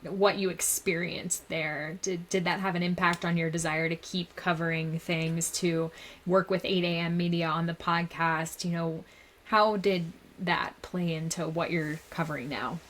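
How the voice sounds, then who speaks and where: A woman's voice: lowish voice, fairly even intonation, a little slow, fairly bright tone. A woman hosting an interview podcast, asking questions in an engaged, sympathetic way. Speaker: podcast host.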